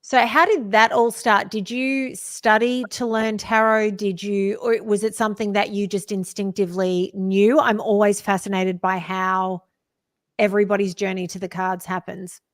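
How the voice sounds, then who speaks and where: A woman's voice: medium pitch, little pitch movement, moderate pace. Curious woman host asking questions. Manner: curious, asks several questions at once. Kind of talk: interview questions.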